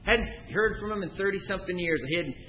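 A middle-aged male preacher with a high voice, preaching through personal stories. He moves between loud, emphatic lines and soft, quiet asides. The recording sounds dull and lo-fi. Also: fast talker, slight background noise. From Canada. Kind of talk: sermon.

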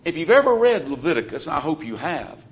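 A man's voice: a little high, very animated, a little fast. A man with a Southern US accent, preaching an earnest, emphatic sermon and teaching from scripture. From American South. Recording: dull, lo-fi sermon recording.

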